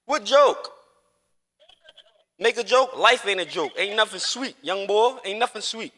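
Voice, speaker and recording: A man's voice: high-pitched, lively intonation, unhurried, bright, forceful tone. A man chatting casually while gaming on a live stream, rambling and teasing with lots of profanity. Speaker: streamer and father.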